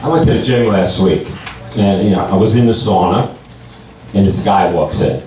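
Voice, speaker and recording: A man in his sixties telling stand-up jokes in a deadpan style, putting on higher voices for the people in his stories. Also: normal speed, noisy background. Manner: deadpan one-liners, voices others in a higher pitch. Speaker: stand-up comedian. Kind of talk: stand-up comedy set. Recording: echoey club, voice from far off.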